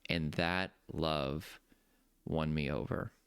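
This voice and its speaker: A man coaching on nervous-system health gives an earnest, heartfelt talk about his faith, slowing down to stress key points. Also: rumbling low, fairly even intonation, a bit bright, clear, resonant tone, no room sound, studio quality. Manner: earnest, preacherly, slows down for emphasis.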